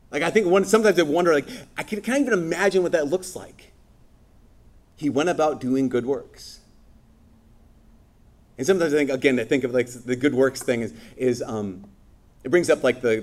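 Animated man preaching a playful sermon. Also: mid-range voice. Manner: animated, playful, acts out biblical voices.

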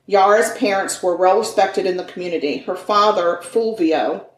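A woman's voice: medium pitch, steady tone, normal speed, roomy sound, recorded from a distance, rough recording. A woman hosting a podcast, telling a true crime case in a conversational way, with fillers and self-corrections. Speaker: podcast host. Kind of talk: true crime storytelling chat.

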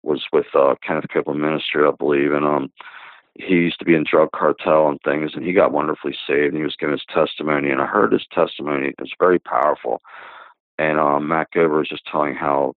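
Very deep-voiced man on a phone line. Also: fairly even intonation, fast, no echo. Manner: rambling, many fillers and restarts. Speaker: guest giving a testimony. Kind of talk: casual spoken testimony. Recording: tinny phone-line sound, dry.

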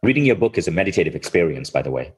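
Male host, very deep voice, husky, appreciative, live online session. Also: very animated, very fast. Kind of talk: live online interview hosting.

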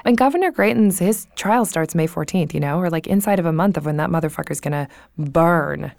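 A woman's voice: lowish voice, fairly quick, creaky, no room sound. Young woman cohosting a podcast, blunt and sweary, laughs a lot, dry close sound. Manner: blunt, profane, laughs often, animated retelling. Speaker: podcast co-host. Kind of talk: casual chat.

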